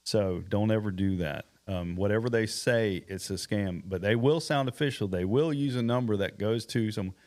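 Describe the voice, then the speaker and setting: A man's voice: on the low side, moderate pace, hardly any pauses, darkish tone. A man hosting a bail bonds podcast, giving earnest warnings in casual chat. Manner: earnest, warning tone, repeats points.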